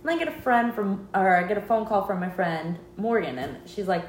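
Animated storytelling woman, echoey room. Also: medium pitch, brisk, few pauses. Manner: animated storyteller, acts out quotes, laughs often. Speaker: podcast co-host. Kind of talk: casual storytelling chat. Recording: echoey room, faint noise.

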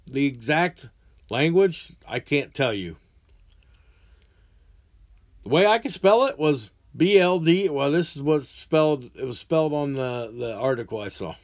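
A man's voice: medium pitch, lively intonation, a little slow, dull audio. A man hosting a podcast, ranting crudely and angrily with heavy swearing. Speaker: podcast host. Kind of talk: profane rant monologue.

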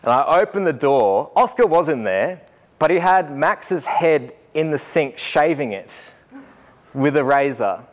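Animated Australian man telling a story. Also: a little high, measured pace. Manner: animated, acts out quoted voices with humor. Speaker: teacher giving a talk. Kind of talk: storytelling speech to an audience.

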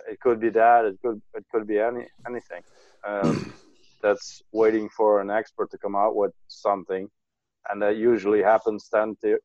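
Low-ish guy hesitating, repeating himself, dull lo-fi dry mic. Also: darkish tone, no echo. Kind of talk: casual online discussion.

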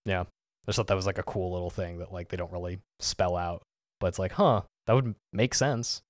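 Low, dry-voiced man chatting casually. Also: monotone, fast talker, no room sound. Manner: rambling, full of "like" and "um". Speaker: podcast co-host. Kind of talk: casual chat.

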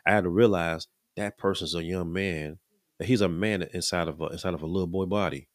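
Deep-voiced middle-aged man preaching earnestly. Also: fairly even intonation, fairly quick, no echo, studio quality. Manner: earnest, repeats and restarts words. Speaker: podcast host. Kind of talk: casual preaching talk.

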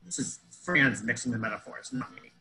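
A man's voice: mid-range voice, lively intonation, brisk, pushed and bright, slight background noise, low-quality recording. A man telling a comedic story in a pedantic, wordy way, fussing over grammar and metaphors.

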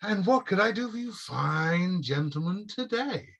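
A man's voice: high-pitched, lively intonation, a little slow, gravelly, fairly bright tone, lo-fi sound, voice pushed up, full character voice. A man voicing a courteous, prim male elf shopkeeper who greets customers in a formal, sing-song way.

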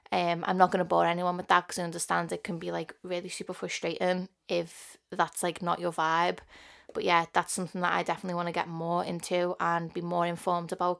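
A young woman in her early twenties speaks with a strong Scouse accent. Her voice sits low, with a gravelly fry that creaks through her words. She chats loosely on her own podcast, rambling from thought to thought in a flat, even tone with plenty of filler words. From Liverpool, England. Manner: chatty, rambling, many "like" fillers. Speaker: podcast host. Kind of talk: casual solo podcast chat.

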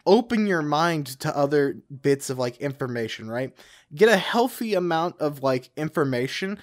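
A man's voice: on the high side, expressive, normal speed. A man co-hosting a podcast in casual chat, talking emphatically, repeating his points and laughing often. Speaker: podcast co-host.

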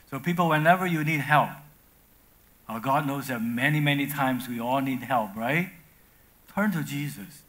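A man's voice: medium pitch, normal speed, a bit bright. A man preaching a sermon, talking the congregation through the text with many "uh"s and "okay?" check-ins. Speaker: pastor.

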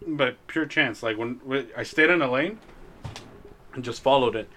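A man's voice: mid-range voice, moderate pace, sharp tone. A young man co-hosting a casual chat, telling a story in a laid-back way with frequent laughs. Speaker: podcast co-host.

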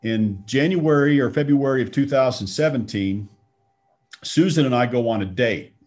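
A man's voice: mid-range voice, normal speed, a little mellow. Man telling a story. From Texas. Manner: conversational, acts out quoted lines. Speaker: speaker sharing a personal faith story. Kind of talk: storytelling talk.

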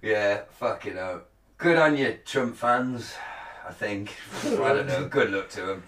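Guy on a podcast, swears a lot, bright voice, echoey and a bit far off. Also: on the low side, a little slow. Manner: sweary, animated storytelling. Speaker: podcast co-host. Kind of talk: casual chat. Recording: roomy, far from the mic.

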